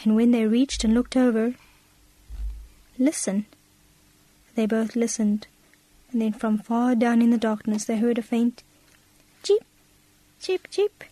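A woman storyteller gently and expressively reading a children's story on the radio. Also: on the high side, moderate pace, no room sound, poor audio. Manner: gentle, expressive, drops to a whisper for suspense.

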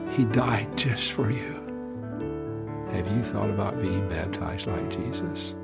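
A man's voice: lowish voice, creaky. An older man preaching an evangelistic sermon, with earnest, pleading appeals to the listener. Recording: music playing behind.

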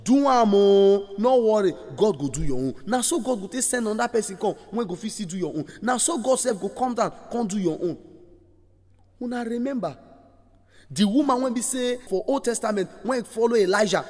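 Lively Nigerian preacher in a hall. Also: male voice, sits high, brisk. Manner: animated storytelling with acted-out quotes. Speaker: children's preacher. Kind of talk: sermon. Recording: long hall reverb.

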